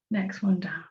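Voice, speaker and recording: A woman coaching a group through tapping points on a video call, gentle and encouraging as she walks through each step. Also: lowish voice, highs cut off. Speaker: self-love coach leading a tapping class.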